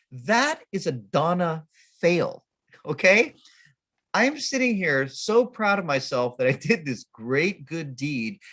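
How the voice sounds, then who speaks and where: A middle-aged man from Sacramento tells humorous stories at a temple service, poking fun at himself as he goes. His voice sits somewhat high for a man and rises and falls with animated swings. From Sacramento, California. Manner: animated, self-mocking storyteller. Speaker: guest speaker at a temple service. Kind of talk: storytelling talk.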